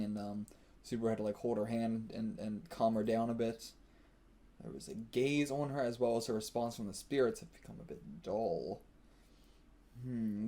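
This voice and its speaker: A man's voice: medium pitch, a little mellow. Laid-back man reacting live, chuckling. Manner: casual, thinks aloud, laughs often, swears. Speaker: manga reaction channel host. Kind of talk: live reaction while reading manga aloud.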